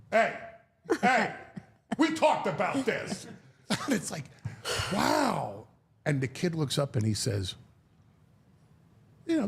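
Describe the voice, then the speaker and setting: A man talking as a guest, telling a story in a lively way, acting out quotes and often restarting his sentences. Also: a little high, creaky, breathy edge. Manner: animated storyteller, acts out quotes, halting restarts. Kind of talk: storytelling chat.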